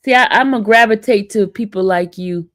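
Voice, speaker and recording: Talking fairly quickly at a medium pitch, a northern US woman with an East Coast American accent runs a casual livestream, where she's sassy with her chat, teasing them and talking back. The studio sound is clean, with no room sound.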